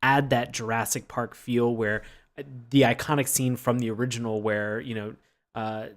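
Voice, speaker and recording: A man co-hosting a podcast, chatting casually about a cartoon, often laughing and acting out lines in a high yelp. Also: level tone, moderate pace. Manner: laughs often, acts out quotes in high yelps. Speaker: podcast co-host. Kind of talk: casual review chat.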